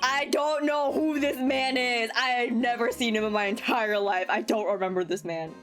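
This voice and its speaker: A woman's voice: fairly high pitch, fairly even intonation, moderate pace, a bit bright, soft background music. A woman streamer giving playful, giggly gameplay commentary and swearing casually.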